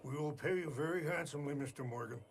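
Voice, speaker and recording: A man playing a weary older tribal chief in a game cutscene, speaking slowly and solemnly. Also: fairly high pitch, a little hiss or hum, close to an everyday voice. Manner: slow, solemn and measured.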